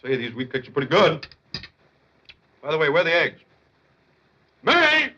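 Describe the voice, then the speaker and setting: A man playing a loud, bossy middle-aged father in a 1950s film comedy, on a lo-fi old soundtrack. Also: on the high side, brisk. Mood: blustering.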